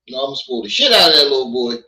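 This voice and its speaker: A man's voice: medium pitch, big pitch swings, very fast, creaky, bright, forceful tone, poor audio. A man hosting a casual livestream, joking and swearing as he talks to his chat. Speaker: livestream host. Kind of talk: casual commentary stream. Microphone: streaming mic.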